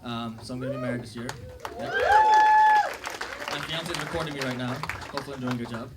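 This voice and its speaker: Young comedian on a laughing club stage. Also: male voice, mid-range voice, fast, a loud crowd, heavy background noise. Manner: conversational, self-deprecating, with fillers and asides. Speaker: stand-up comedian. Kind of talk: stand-up comedy set. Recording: live club recording with loud audience laughter.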